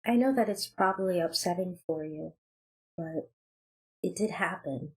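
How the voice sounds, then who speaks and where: A woman voicing a sad, coldly disappointed young queen who speaks quietly and gravely. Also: lowish voice, normal speed, natural voice, poor audio. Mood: grave sorrow.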